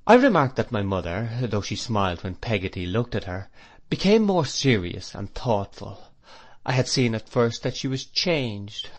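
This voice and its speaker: Reading a classic novel aloud, a male narrator keeps an even, measured storytelling pace in a mid-range voice.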